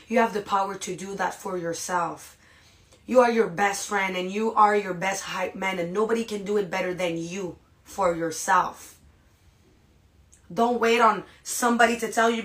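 Energetic woman giving a motivational talk. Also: medium pitch. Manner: energetic, casual, peppered with "right?" and "you guys". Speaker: podcast host. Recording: echoey room.

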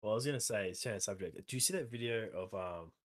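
A man's voice: on the low side, fast talker. A man co-hosting a podcast, chatting casually and throwing in jokes. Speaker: podcast co-host. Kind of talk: casual chat.

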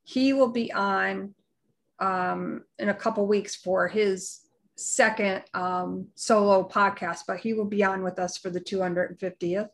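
A woman's voice: medium pitch, steady tone, unhurried, creaky. A woman co-hosting a podcast, chatting in a gushing, effusive way about upcoming guests. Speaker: podcast co-host. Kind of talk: casual chat.

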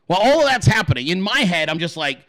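A man hosting a podcast in a casual, profane rant, acting out quick voices in his stories. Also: high-pitched, no room sound. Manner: animated, swears a lot, acts out voices in his stories. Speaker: podcast host.

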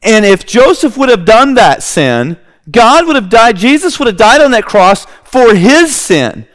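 Animated male preacher with a high, lively voice. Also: a little slow. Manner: animated storytelling, acting out scenes with kids. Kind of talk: sermon.

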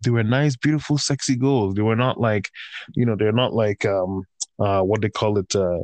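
A man's voice: lowish voice, fairly even intonation, moderate pace, a little mellow, no echo. A man in casual chat, ranting heatedly about football with constant swearing and slang. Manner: heated, profane rant with slang like bro. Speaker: podcast host and football fan.

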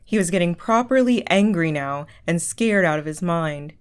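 A woman narrates a story in a measured audiobook reading. Her voice is smooth and resonant and sits a little low. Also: expressive.

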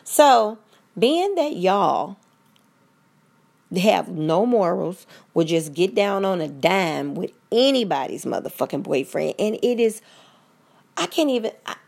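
A woman's voice: mid-range voice, vocal fry, darkish tone. A woman giving a blunt, profane, preachy rant straight to her listeners in casual podcast style. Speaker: commentator.

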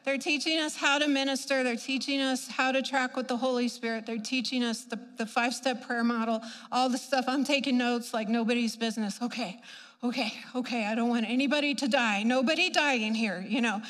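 A woman giving a church testimony as an animated storyteller who acts out the voices she quotes and laughs at herself. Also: fairly high pitch, brisk. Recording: long reverb of a large hall.

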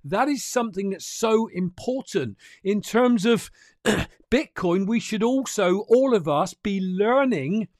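A man's voice: high-pitched, lively intonation, takes it slowly, no echo, studio quality. A man hosting a crypto news livestream, talking to viewers in a chatty, emphatic way. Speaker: crypto news show host. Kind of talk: casual livestream commentary.

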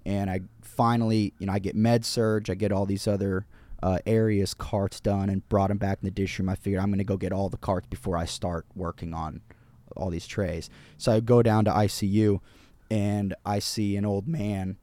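A man co-hosting a podcast, telling a story in a relaxed, unhurried way. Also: lowish voice, no room sound. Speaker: podcast host. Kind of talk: casual chat.

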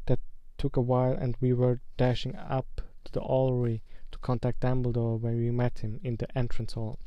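A man voicing an excitable, bookish young girl witch who talks quickly and anxiously. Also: medium pitch, clean tone, no room sound, dull audio, lightly acted.

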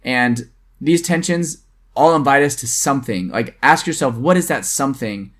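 A man's voice: mid-range voice, moderate pace, a bit bright. A man who is a newly ordained deacon, co-hosting a casual podcast, talking in an earnest, reflective way with many restarts. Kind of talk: casual chat.

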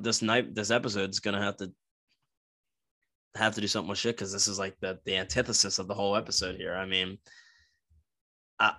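Man, young adult, from New Jersey, bright forceful tone, rambling crude storytelling, dry close sound. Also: on the low side, no echo. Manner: crude, rambling and animated, with frequent swearing and restarts. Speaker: podcast host. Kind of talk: casual storytelling monologue.

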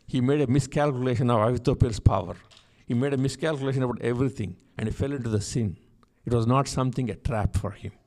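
A man preaching a sermon, building to loud, insistent repetition and praying in tongues. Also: mid-range voice, fast talker. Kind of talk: sermon with prayer.

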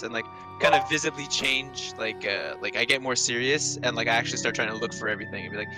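A man with a bright, forceful voice playing a tabletop game. He describes his character's actions with plenty of fillers and restarts. Faint music runs in the background. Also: mid-range voice, fast talker.

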